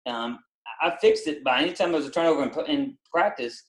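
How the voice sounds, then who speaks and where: A middle-aged man, a basketball coach and ex-Army drill instructor, speaking with a country-tinged voice and explaining things in a plain, steady way as a podcast guest. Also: a little high, a little fast. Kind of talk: casual podcast interview. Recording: roomy echoey sound.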